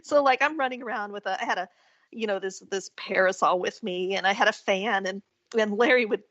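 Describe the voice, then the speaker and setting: A woman guest on a talk radio show, telling a story in a casual, animated way. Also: mid-range voice, brisk, no echo. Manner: animated storyteller who acts out quotes and laughs often. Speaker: guest folklorist and author. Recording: dull lo-fi radio-call sound.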